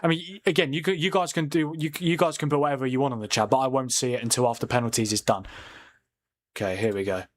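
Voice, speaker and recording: A young man hosting a casual football watchalong livestream, chatty and quick to laugh while talking to his chat. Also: medium pitch. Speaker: livestream host.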